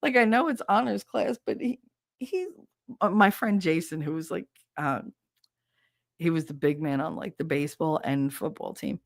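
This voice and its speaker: A middle-aged woman hosts a livestream and tells stories in a loose, profane, animated way. Her voice is gravelly. The sound is dry and close. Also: deep voice, normal speed, no echo. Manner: profane, laughs often, animated. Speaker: livestream host. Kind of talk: casual storytelling.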